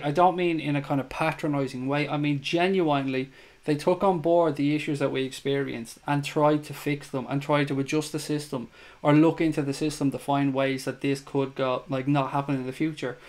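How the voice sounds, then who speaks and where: Guy hosting a footy fan livestream from home, kinda high voice, chatty and emotional, webcam mic. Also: darkish tone. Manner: chatty, emotional, reads viewer comments aloud. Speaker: host of a fan chat show. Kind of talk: casual livestream chat.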